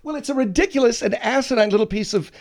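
A man's voice: very high voice, fast, a little mellow. A male radio host who scolds and mocks his guests with sarcastic outbursts. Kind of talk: talk radio comedy.

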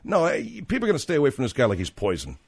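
A middle-aged man hosting a radio talk show, brash, cynical and quick to snap at his sidekicks. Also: medium pitch, wildly swooping pitch, breathy edge.

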